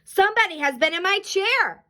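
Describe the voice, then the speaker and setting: A woman's voice: extremely high pitch, lively intonation, normal speed, bright, forceful tone, voice pushed up, exaggerated voice. A woman voicing an indignant father bear in a storybook reading.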